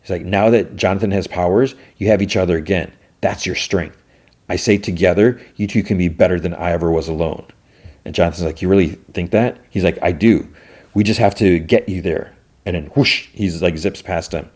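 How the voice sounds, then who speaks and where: Male podcast host with a deep voice, loosely recapping an episode at home. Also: brisk, darkish tone. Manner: loose retelling, quoting characters with "he's like".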